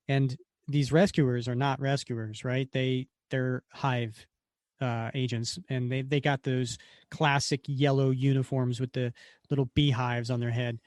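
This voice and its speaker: A man co-hosting a podcast, walking through a comic page by page in a casual, chatty way. His voice sits at a middle pitch and sounds close and dry. He slips into short bits of acting when he quotes the characters. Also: level tone, measured pace, no room sound. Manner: retells panels acting out the characters' lines. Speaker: podcast co-host. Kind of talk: casual comic book recap.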